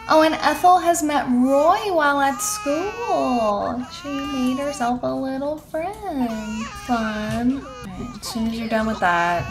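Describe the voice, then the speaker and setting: A woman's voice: medium pitch, a little hiss or hum. A woman giving casual gameplay commentary, chatty, coaxing and scolding her game characters and laughing often. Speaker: let's play host.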